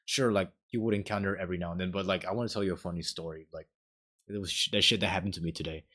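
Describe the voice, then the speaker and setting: A man's voice: deep voice, steady tone, rapid-fire, pushed and bright. A young man chatting casually as a podcast co-host, telling rambling stories full of swearing and acted-out quotes. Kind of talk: casual chat.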